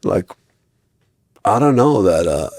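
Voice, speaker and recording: A middle-aged man, a guest on a podcast, tells stories casually in a rambling way, with many restarts and lively quoted voices. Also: fairly low pitch, takes it slowly, no echo, clean studio sound.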